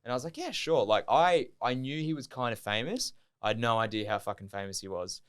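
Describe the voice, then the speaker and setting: A man's voice: lowish voice, fast, smooth. A young Australian man, a podcast guest, telling a casual story in a rambling way, full of "like" and swearing. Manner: rambling, heavy use of "like", swears freely.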